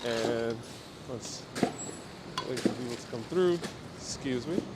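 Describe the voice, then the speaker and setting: The background is very noisy as this New York City host runs a live walking tour outside. His mid-range voice moves slowly while he chats with viewers and reads out and answers their comments.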